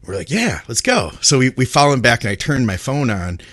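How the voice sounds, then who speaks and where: A man co-hosting a podcast, telling a rambling, excited story in casual chat. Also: mid-range voice, fast talker, dry recording. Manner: rambling, excitable, laughs often. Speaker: podcast co-host.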